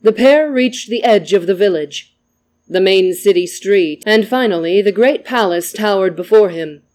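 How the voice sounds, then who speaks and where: A reader narrating a story with an even, gentle delivery. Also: medium pitch, moderate pace.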